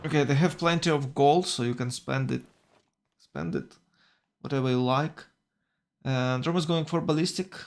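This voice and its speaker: A man's voice: medium pitch, moderate pace, pauses often. A man commentating a strategy game tournament, thinking aloud with hesitations and self-corrections.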